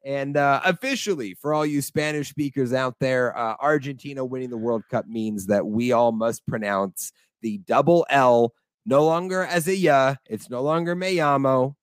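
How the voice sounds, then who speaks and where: A man's voice: medium pitch, no echo. Enthusiastic young man, dry close mic. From United States. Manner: animated, enthusiastic, quick to laugh. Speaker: podcast co-host. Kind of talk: casual sports chat.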